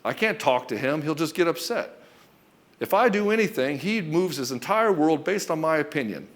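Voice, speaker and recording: A man giving a relationship coaching monologue straight to the camera, blunt and emphatic, swearing often and calling the listener brother and dude. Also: on the high side.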